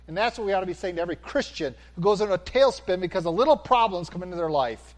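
A man preaching a sermon, animated, swinging from near-shouts down to a calm, low delivery. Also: fast talker, hardly any pauses.

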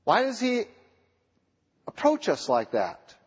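A man preaching a sermon in a church, with a husky voice, pressing his listeners with repeated rhetorical questions. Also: high voice, huge pitch swings, slow. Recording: long reverb of a large hall.

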